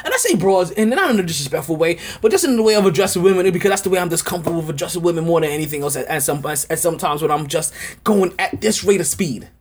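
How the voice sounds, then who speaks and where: A man with a husky, somewhat breathy voice hosts a sports podcast. He rants in a rambling, emphatic way, repeating words and restarting his phrases as he presses his point. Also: a little high, animated, quick pace, few pauses. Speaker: podcast host.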